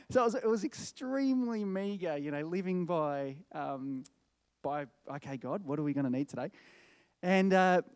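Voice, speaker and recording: A middle-aged man giving a sermon as a guest speaker, telling a story with lively acted-out voices. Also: on the high side, smooth, no room sound, studio quality. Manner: animated storyteller, acts out quoted people.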